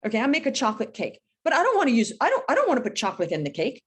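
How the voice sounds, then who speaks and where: Animated, emphatic woman in her fifties. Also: fairly high pitch, very fast, breathy edge. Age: 50s. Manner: energetic, emphatic, animated storytelling. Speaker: business coach guest. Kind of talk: podcast interview.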